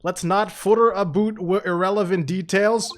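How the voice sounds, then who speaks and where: A man voicing an older prison governor, defensive, put-on Scottish dialect, slightly lowered voice, game dialogue read aloud. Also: steady tone, normal speed, a little hiss or hum, close to an everyday voice. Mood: gruff.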